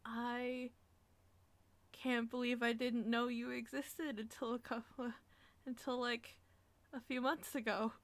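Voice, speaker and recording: A woman voicing a shy, eager young toon who speaks in halting, repeated bursts. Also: a little high, little pitch movement, dry recording. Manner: nervous, halting, repeats herself.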